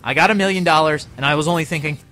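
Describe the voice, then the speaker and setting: A man's voice: fairly high pitch, rapid-fire, pushed and bright, soft background music. A young man giving rambling, joking commentary over a video game. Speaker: let's play commentator. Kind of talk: gameplay commentary.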